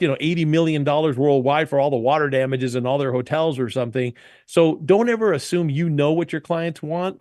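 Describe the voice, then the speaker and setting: Recorded cleanly in a dry studio, a guest who runs a DJ entertainment company shares business advice during a relaxed interview. His voice is a little high, and he spins energetic, emphatic stories, performing each quote.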